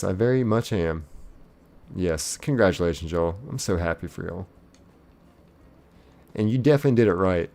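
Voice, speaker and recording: A man's voice: lowish voice, warm tone. A man streaming live, casually reading viewers' chat messages aloud in a chipper lilt and chatting back.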